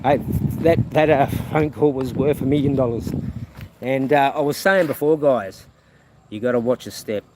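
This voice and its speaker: A mid-pitched male live streamer from New Zealand talks at a normal speed while walking a rural path, rambling in a friendly, chatty way and reading viewer comments aloud. He records on a phone outdoors, so loud ambient noise comes through, including animals and passing vehicles.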